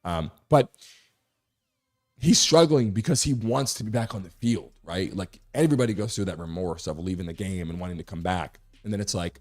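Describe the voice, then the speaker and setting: A hoarse man hosting a live sports talk show, talking emphatically and repeating his point to make it clear. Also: low voice, normal speed. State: hoarse, recovering from a lost voice.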